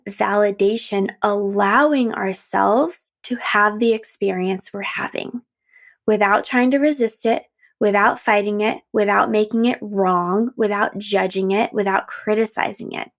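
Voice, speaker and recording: A woman's voice: medium pitch, unhurried, gravelly. A woman hosting a podcast, speaking reflectively and encouragingly about emotions, now and then acting out inner voices. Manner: gentle, warm-hearted, encouraging, acts out inner voices. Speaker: podcast host and coach. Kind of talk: reflective solo podcast talk.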